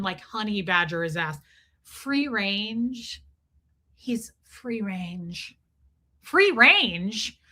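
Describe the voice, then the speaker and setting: A woman hosting a casual livestream, telling a story in an animated, profane ranting way and answering chat comments. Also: fairly high pitch. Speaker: livestream host.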